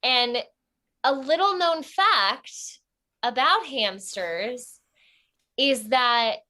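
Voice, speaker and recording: A young woman telling a comic story in casual talk, animated and acting out quoted voices. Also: very slow. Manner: animated, acts out quoted voices with sudden high squeals. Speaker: storytelling guest.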